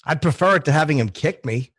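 Male podcast host, easygoing questioner, fairly high voice, dry recording. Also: animated, fast talker, a bit bright, husky, no room sound. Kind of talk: casual chat.

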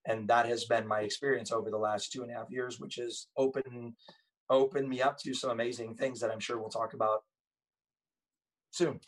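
A man's voice: medium pitch, steady tone, normal speed, recorded from a distance, rough recording. A man, a former police officer, telling stories as a podcast guest in an earnest, emphatic way. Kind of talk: casual storytelling conversation.

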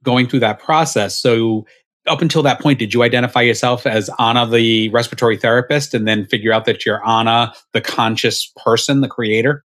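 An interviewer calmly asking a long follow-up question. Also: medium pitch, brisk.

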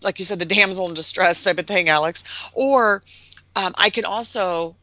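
A middle-aged woman, a real estate investor, appears as a guest in a casual interview chat, telling stories animatedly and acting out quoted voices in a high, sweet tone. She talks at a normal speed, with no room sound.

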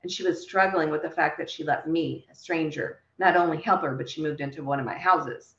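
A woman's voice: low voice, fairly quick. A woman, a guest in an interview, telling a personal story with feeling and acting out the dialogue. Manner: emotional, reenacts dialogue while telling the story. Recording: roomy, slightly dull sound.

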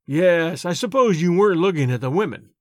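A man voicing a dry, mocking male friend at supper in a story reading, in a lively voice. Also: high-pitched, a little fast, no room sound.

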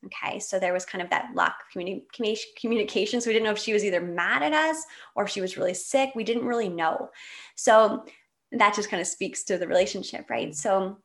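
A woman in her late thirties from Canada, a guest telling a personal story in a candid, animated way, with laughs and restarts. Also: mid-range voice, fast talker. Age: 30s.

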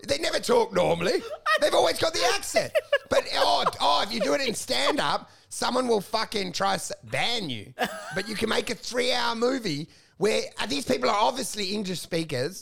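High, lively, gravelly-voiced man ranting. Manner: animated, ranting, joking, puts on mock voices. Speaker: comedian. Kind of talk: casual podcast chat.

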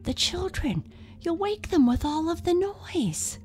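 A woman voicing a timid little boy monster in a storybook reading, with high, trembling, anxious cries. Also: big pitch swings, slow pace, darkish tone, full character voice. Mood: frightened.

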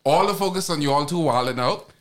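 A man's voice: fairly high pitch, fast talker. A man co-hosting a casual sports chat, dropping dry, teasing remarks. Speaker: podcast co-host.

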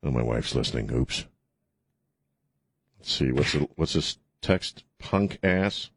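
A man's voice: very deep voice, animated, takes it slowly, no room sound, clean studio sound. A man hosting a call-in radio show, rambling and joking with restarts in a loose, casual manner. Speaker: radio talk show host. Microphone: studio microphone.

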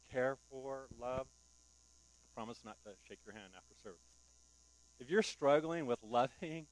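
A man preaches a relaxed, conversational sermon in a church, asking the congregation questions as he goes. His voice sits at a middle pitch. A faint mains hum runs beneath the recording. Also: poor audio. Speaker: pastor.

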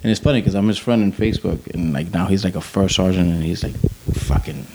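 Low-voiced man telling army stories. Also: quick pace, a little hiss or hum, poor audio. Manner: profane, animated, acts out sounds and quotes. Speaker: army veteran guest. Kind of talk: casual war storytelling.

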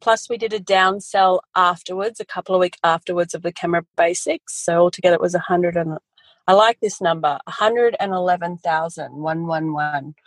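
A woman, a guest telling her business story in a casual interview, animated and quick to laugh. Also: lowish voice, no echo, poor audio. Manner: animated storytelling, quotes family in voices, laughs often. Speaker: guest, photography educator.

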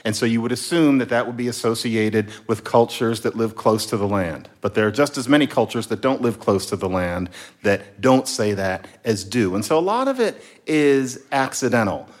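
Man, linguist guest, playful, lively, explaining word origins in casual chat. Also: medium pitch.

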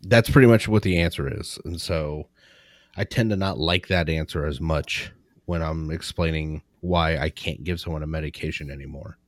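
A man's voice: extremely low pitch, moderate pace, no echo, studio quality. A middle-aged man, a medical provider, chatting casually and jokingly, rambling with fillers and restarts. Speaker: medical provider, podcast co-host. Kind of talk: casual chat.

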